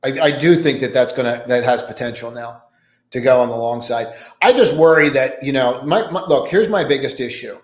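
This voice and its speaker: A man's voice: mid-range voice, normal speed. A man hosting a live pre-market trading stream, rambling through his thoughts and trailing off into mumbles at his desk. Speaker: trading livestream host. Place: home trading desk with many monitors. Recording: roomy echo.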